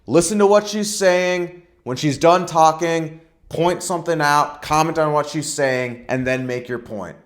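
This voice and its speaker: A man's voice: on the high side, a bit bright. A young man coaching viewers on dating in a blunt, emphatic way, often tagging his points with "right?". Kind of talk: direct-to-camera advice vlog.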